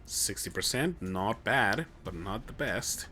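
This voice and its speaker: A man's voice: on the low side, lively intonation, slow, pushed and bright, soft background music. A young man commentating his own gameplay on a live stream, chatty and joking as he thinks aloud. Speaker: game streamer.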